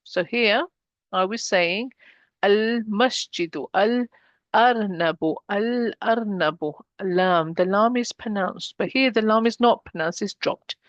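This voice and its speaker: A woman leads a beginner Arabic lesson in a patient, explanatory manner. She slows down to sound out each example word. Her voice sits at a middle pitch, recorded close and dry with no room sound. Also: no echo, muffled recording. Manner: patient, slows down to model pronunciation. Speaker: Arabic teacher.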